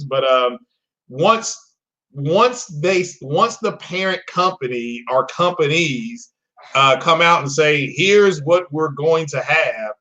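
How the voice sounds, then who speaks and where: Dude co-host rambling thru gaming specs, lotta ums, kinda higher voice. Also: male voice, pushed and bright. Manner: rambling, hesitant, many ums and restarts. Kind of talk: casual chat.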